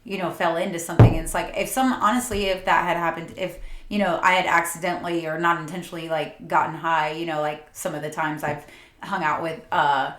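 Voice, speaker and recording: A woman's voice: deep voice, fairly even intonation, fairly quick, roomy sound. A woman co-hosting a casual talk show, chatty and agreeable. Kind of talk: casual chat.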